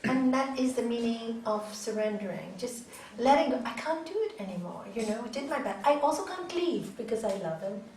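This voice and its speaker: A woman's voice: on the high side, expressive, a little fast, few pauses, darkish tone, slight background noise. An older woman teaching a yoga class, chatty and laughing often, telling personal stories and quizzing her students. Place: large hall. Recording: echoey hall from far off, faint ambience.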